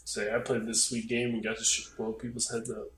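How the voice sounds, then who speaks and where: A man co-hosting a casual podcast chat, animated and quick to imitate sounds. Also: mid-range voice. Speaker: podcast co-host. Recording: roomy with faint noise.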